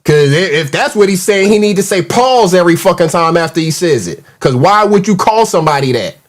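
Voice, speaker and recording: A man's voice: sits high, very animated, fairly quick. A man hosting a casual livestream, ranting in a mocking, profane, heated way and reacting to the live chat. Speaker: show host.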